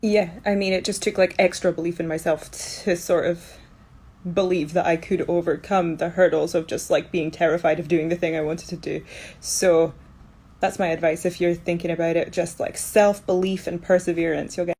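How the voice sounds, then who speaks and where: A tired Scottish woman in her thirties chats casually at home, sounding half asleep. Her pitch jumps up now and then when she is excited. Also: moderate pace, breathy edge. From Scotland. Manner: chatty, with lively upward jumps in pitch. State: low energy, half asleep. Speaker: actor answering fan assumptions. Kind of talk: casual chat. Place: indoors at home, in one room.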